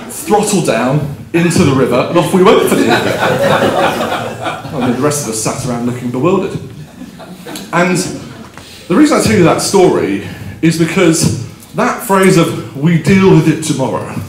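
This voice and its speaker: A man's voice: mid-range voice, slight background noise. A man in his thirties gives a chatty, self-deprecating conference keynote, telling a story with frequent ums and laughing at himself. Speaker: keynote speaker. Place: conference hall stage. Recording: roomy hall, faint background ambience.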